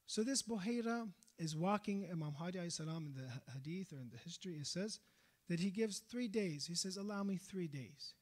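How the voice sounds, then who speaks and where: A man delivers an impassioned sermon in a mosque, his voice sitting a little higher than most men's. He tells the story dramatically and keeps turning to the congregation with rhetorical questions. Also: lively intonation, fairly quick. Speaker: preacher.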